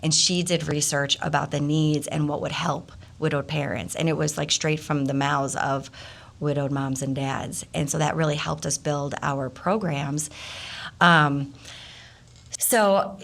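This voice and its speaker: A middle-aged woman, a guest in an interview, telling a personal story in a casual, animated way, her voice leaping up when she acts out what people said. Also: low-pitched, a little slow, creaky. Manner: animated storyteller, voice jumps up for quoted outbursts. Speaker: interview guest, nonprofit founder.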